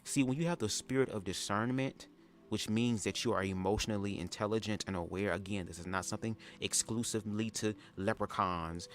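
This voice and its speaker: A man hosting a casual livestream reaction chat, sassy and profane, telling stories and leaping into high-pitched impressions. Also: brisk. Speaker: livestream host.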